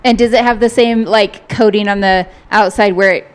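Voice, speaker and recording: A woman co-hosting a race livestream, talking in an easy conversational way and cheering on the runners. Her voice sits at an ordinary middle pitch. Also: fairly even intonation, moderate pace, smooth. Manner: encouraging, conversational. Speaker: livestream co-host. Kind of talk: live race commentary.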